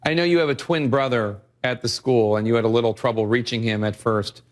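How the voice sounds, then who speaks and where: Flat-voiced male news anchor. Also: mid-range voice. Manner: measured questions with some hesitation. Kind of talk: broadcast interview.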